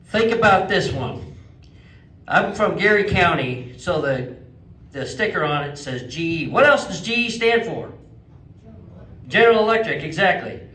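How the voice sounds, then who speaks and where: A man doing a stand-up comedy set at a legion hall, telling folksy stories and jumping to a high voice for quoted outbursts. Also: animated, a little slow, pauses often, sharp tone. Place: legion hall stage before a live audience. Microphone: handheld microphone, picked up from some distance. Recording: echoey hall, mic at a distance.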